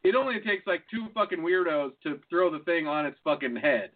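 A man co-hosting a casual podcast, talking loose and profane with frequent laughs. His voice sits a little high for a man. It comes through thin and tinny, like a phone line. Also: lively intonation, fairly quick. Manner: loose, swearing, laughing often. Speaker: podcast co-host. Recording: phone-like lo-fi sound.

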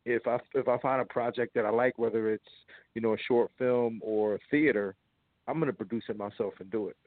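A man speaks as a guest in a loose, rambling way, animated and quick to laugh. His voice sits at an ordinary pitch for a man. It comes through a thin, tinny phone line with no room sound. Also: no echo. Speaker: guest, former fighter and actor. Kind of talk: casual phone interview.

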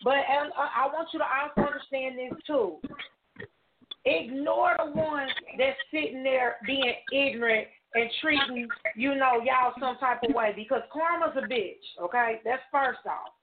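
Radio co-host, middle-aged woman, heartfelt and repetitive; high pitch, phone-quality sound. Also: normal speed. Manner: earnest, heartfelt, repeats herself for emphasis. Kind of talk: radio talk. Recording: tinny phone-line sound with hiss.

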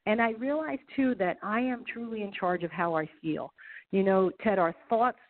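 A woman's voice: medium pitch, moderate pace. A middle-aged woman, a golf professional and speaker, talking as an upbeat, motivational radio interview guest. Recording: tinny phone line.

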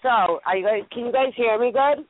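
A woman with a New England accent hosts a casual chat show on the radio, playful and rambling with plenty of fillers. Her voice is on the high side and fairly quick, heard over a tinny, dry phone line with a little hiss or hum.

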